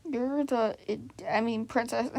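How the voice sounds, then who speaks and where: A woman doing casual improvised fan role-play, flustered and giggly, stammering and dropping into breathy whispers. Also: a little high, fairly even intonation, slow pace, noisy background.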